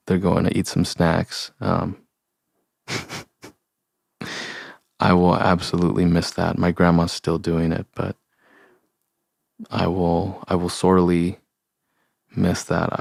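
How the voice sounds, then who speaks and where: A young man with a deep voice and a gravelly edge speaks as a podcast host, earnest and heartfelt. He talks in a halting way. The sound is dry, with no room around it. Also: a little mellow, dry recording. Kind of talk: solo reflective podcast talk.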